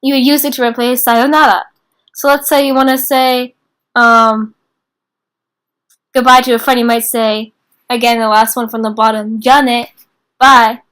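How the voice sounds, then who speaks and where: A young woman teaching a casual beginner class in an informal, chatty way, slowing down to repeat phrases. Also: on the high side, level tone, fairly bright tone. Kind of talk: casual online lesson.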